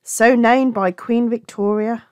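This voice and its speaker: In this crochet lesson, the tutor's voice sits a little high and stays steady as she moves slowly through the steps. She has a Black Country accent from England, chats affectionately, and keeps correcting herself, with no echo in the recording.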